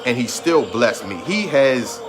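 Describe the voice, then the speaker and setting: A motivational speaker in his thirties holds back tears through an emphatic, repetitive talk. His medium-pitched voice swings widely in pitch at a measured pace, and music plays in the background.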